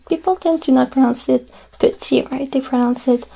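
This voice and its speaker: A woman in a whispered role-play as a teacher, soft-spoken and patient, repeating phrases slowly. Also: high voice, fairly even intonation, gravelly, husky, rough recording.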